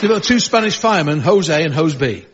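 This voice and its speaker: A man's voice: a little high, animated, brisk, over a noisy crowd, heavy background noise. A man with a Liverpool accent telling rambling jokes as a comedy panel contestant. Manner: rambling joke-teller, chuckling. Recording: muffled radio recording.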